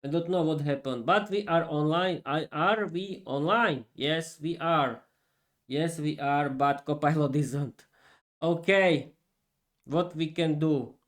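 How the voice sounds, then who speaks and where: Guy teaching english on a stream, kinda high voice, slow and stop-start, laughs a lot. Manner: halting, laughs often, restarts sentences. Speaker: English teacher and podcast host. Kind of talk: casual live-stream lesson.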